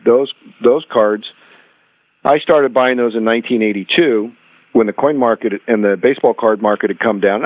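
A man's voice: on the low side, dry recording. A man telling rambling anecdotes as a guest in a podcast interview, acting out quoted dialogue as he goes. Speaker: rare coin dealer and guest. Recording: tinny phone-line sound.

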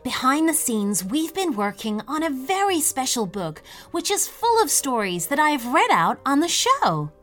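A woman host narrating a children's story with plenty of expression. Her voice sits slightly high and swings widely in pitch. Faint music plays underneath. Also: very animated, normal speed, few pauses, fairly bright tone.

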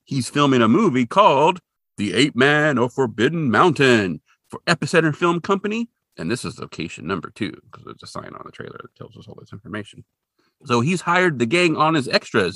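A man co-hosting a podcast in casual chat, retelling a cartoon episode in an animated way and jumping into voices for the characters. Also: fairly quick, dry recording, clean studio sound. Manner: animated storyteller, jumps into high voices for quoted characters.

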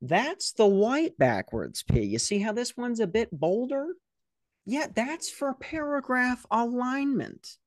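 A man's voice: very high-pitched, very animated, takes it slowly, no echo, studio quality, pitched above the performer's own voice, heavily acted. A man doing a fussy, pedantic older coworker.

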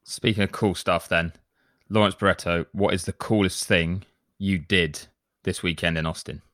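A man's voice: low-pitched, fairly even intonation, normal speed, a bit bright, dry recording, studio quality. An English man hosting a podcast, leading the conversation and teasing his co-hosts. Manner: leads the talk, teasing. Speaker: podcast host. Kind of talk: casual chat.

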